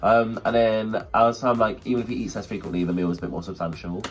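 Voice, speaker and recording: Talking fast in a lowish voice, this young podcast co-host spins lively stories. He performs the quotes, slipping into funny voices as he goes.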